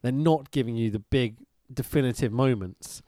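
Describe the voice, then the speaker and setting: A man's voice: medium pitch, normal speed, dark tone, dry recording, studio quality. A man co-hosting a casual podcast, chatting sarcastically about old wrestling and swearing now and then. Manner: sarcastic, swearing, laughing at the show. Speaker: podcast co-host.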